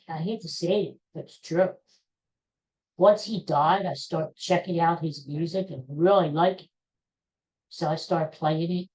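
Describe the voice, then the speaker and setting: A woman's voice: deep voice, darkish tone, poor audio. A middle-aged woman hosting her own podcast, rambling chattily on her own with lots of restarts and fillers. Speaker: podcast host. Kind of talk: casual solo podcast chat.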